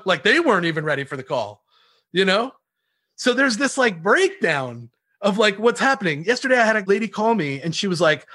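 A man, a sales trainer, answering podcast interview questions in an animated storytelling way, acting out phone calls and laughing often. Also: on the high side, a little fast, no room sound, clean studio sound.

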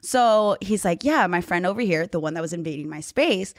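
A woman in her thirties, a podcast co-host, telling a story in casual chat, brash and animated, swearing freely. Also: lowish voice, a little fast, no room sound, studio quality.

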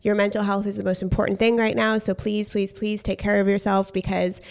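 A woman's voice: mid-range voice, little pitch movement, a little fast, gravelly. A young woman co-hosting a podcast while pregnant, talking in a candid, casual way. She gets a little out of breath as she goes and drops the odd swear word. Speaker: podcast co-host.

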